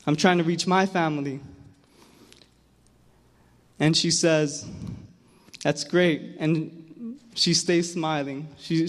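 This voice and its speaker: A young man telling a personal story on stage at an awards event, earnest and emotional, often repeating words as he goes. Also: on the high side. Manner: earnest, emotional, halting repetitions. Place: large hall. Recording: hall reverb from a big room.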